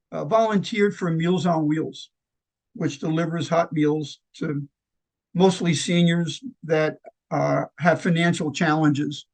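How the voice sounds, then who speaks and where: Man telling lively anecdotes with fillers. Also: high voice. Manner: halting, with frequent fillers and restarts; lively anecdotal storyteller who acts out quoted lines. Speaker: nonprofit founder. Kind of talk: conversational interview storytelling.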